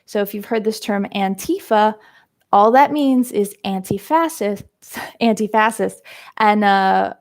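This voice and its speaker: A woman teaching English vocabulary in a live-streamed lesson, explaining terms step by step. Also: mid-range voice. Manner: slow, explains terms step by step, frequent "um" and "right?".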